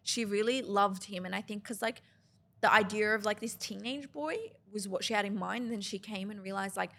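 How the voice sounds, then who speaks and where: A woman's voice: mid-range voice, a little fast. A young adult woman co-hosting a podcast, telling stories in a chatty way full of "like". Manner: chatty, lots of "like", animated when quoting people. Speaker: podcast co-host. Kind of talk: casual chat, storytelling.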